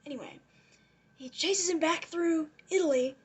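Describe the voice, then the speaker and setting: A young woman with a high, light voice tells history as a rambling comic story. She swears freely and drops careless asides along the way. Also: normal speed. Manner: rambling, profane, giggly asides. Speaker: vlogger. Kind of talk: casual comedic history retelling.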